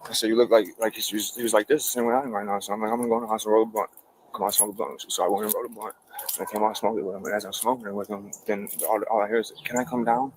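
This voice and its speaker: A man with an Ohio accent telling police in a rapid, rambling way what he found, swearing often, recorded outdoors by a garage on a police body camera. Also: fairly low pitch, flat delivery, slight background noise, poor audio. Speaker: witness giving a statement. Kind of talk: casual account to police.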